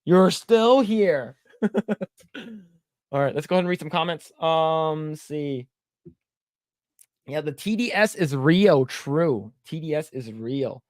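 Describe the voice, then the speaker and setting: A man's voice: on the high side, measured pace, no echo, clean studio sound. Rambling, cursing man on a podcast. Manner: rambling storyteller, swears, mimics voices in quotes. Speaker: podcast co-host. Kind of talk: casual chat, reading comments.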